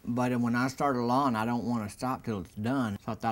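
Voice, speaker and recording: A man's voice: mid-range voice, fairly even intonation, fairly quick. Folksy Southern man telling a tale. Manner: folksy, rambling, colorful sayings. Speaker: comedian in character as a lawn-mowing man. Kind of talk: comic storytelling monologue.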